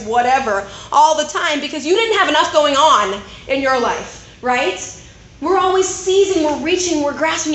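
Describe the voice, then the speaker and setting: A woman preacher speaking to a Christian women's group, chatty and animated, who keeps checking in with her listeners. Her voice sits a little high. The room is echoey with faint background noise. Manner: conversational, animated, keeps asking "right?". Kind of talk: sermon.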